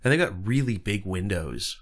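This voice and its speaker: Lowish-voiced guy on a podcast, chatty, reads stuff out, quick side comments. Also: animated. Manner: chatty, quick asides, reads lists aloud. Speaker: podcast co-host. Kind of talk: casual chat.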